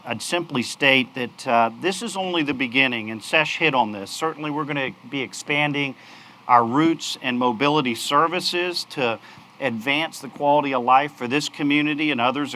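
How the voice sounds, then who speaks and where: Bright-voiced man giving a launch speech. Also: medium pitch, moderate pace, slight background noise. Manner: upbeat, polished, with frequent uh fillers. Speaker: company executive speaking at a launch. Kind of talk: press conference speech. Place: outdoor launch event.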